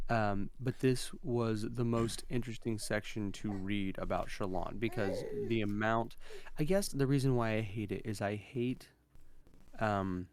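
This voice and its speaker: A man's voice: lowish voice, a little mellow, slight background noise. A man co-hosting a podcast, chatting casually about a book and dropping dry, wry asides. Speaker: podcast co-host. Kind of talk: casual book club chat.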